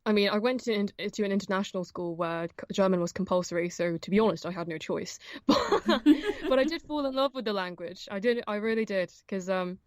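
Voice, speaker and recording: A woman's voice: medium pitch, a little fast, no room sound, clean studio sound. A young woman, an audiobook narrator, chatting casually as an interview guest, with many fillers and frequent laughs. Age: young adult.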